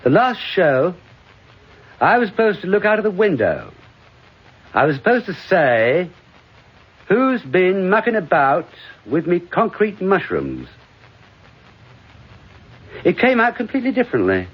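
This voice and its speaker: A drunk, self-mocking has-been comedian, played by a man, rambling slowly through a bitter stage monologue. His husky voice swoops wildly up and down in pitch. The recording sounds dull and lo-fi. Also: huge pitch swings, exaggerated voice. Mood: sardonic. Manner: rambling, sardonic, swinging from mutters to outbursts.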